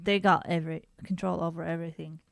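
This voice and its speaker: Brief: talkative woman podcast co-host, dry close sound, smooth timbre. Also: fairly low pitch, flat delivery, quick pace, no echo. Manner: chatty, laughing, frequent restarts. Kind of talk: casual chat.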